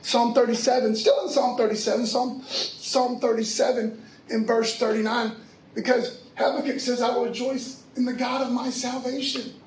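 High-voiced middle-aged guy preaching, slangy and loose, mic kinda far, roomy echo. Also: flat delivery, normal speed, slight background noise. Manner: casual storytelling, slangy. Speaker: pastor. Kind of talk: sermon. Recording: echoey room from far off.

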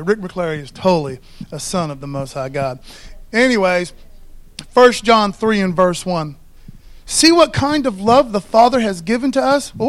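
A man preaching a sermon in a loose, conversational way, often checking in with the congregation. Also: sits high. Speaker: pastor.

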